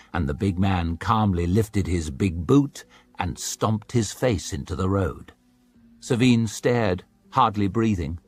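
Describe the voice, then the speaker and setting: A man narrating an audiobook in a dramatic, expressive storytelling manner. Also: fairly low pitch, dry recording.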